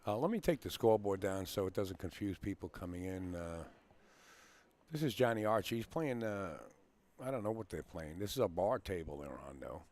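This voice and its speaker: Casual stream host, male, deep low voice, rambling chatty delivery. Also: lively intonation, moderate pace, darkish tone. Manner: chatty, rambling, greets viewers by name. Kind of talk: casual live-stream chat. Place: pool hall.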